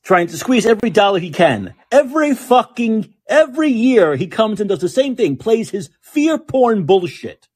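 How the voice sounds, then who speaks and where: A podcast host's high-sitting voice, a little mellow and breathy, swings widely in pitch at normal speed with hardly any pauses. He rails against politics with anger, sarcasm, and plenty of swearing.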